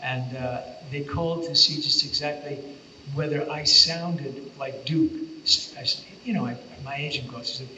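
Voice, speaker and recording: A man's voice: on the high side, fairly even intonation, normal speed, bright, forceful tone, a little hiss or hum. An older man, a voice actor on a convention panel, telling playful anecdotes. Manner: playful storyteller, slips into character voices. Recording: echoey hall from far off, dull sound.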